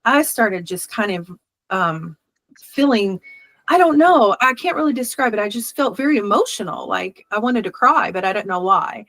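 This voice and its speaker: A woman guest in a casual interview, telling a personal story with lively quoted voices and frequent laughter. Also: medium pitch, moderate pace, dry recording. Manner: animated, laughs often, acts out quoted voices.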